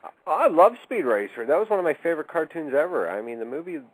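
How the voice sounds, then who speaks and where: Lively laid-back male co-host. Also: fairly high pitch, quick pace, low-quality recording. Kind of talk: casual chat.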